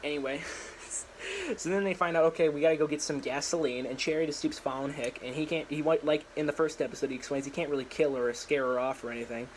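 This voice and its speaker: A man's voice: on the high side, steady tone, very fast, few pauses, a little hiss or hum, rough recording. Rambling young man, casual slangy talk. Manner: rambling, slangy, full of fillers and laughs. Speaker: vlogger pitching his own story idea. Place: small room at home.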